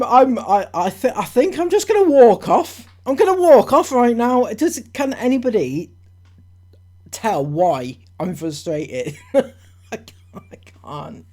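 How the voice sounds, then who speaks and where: A woman recording reaction commentary at home, her pitch leaping up and down as her exasperation builds. She talks slowly and deliberately, swears freely, and keeps breaking into incredulous laughter. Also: warm tone. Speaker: online commentator.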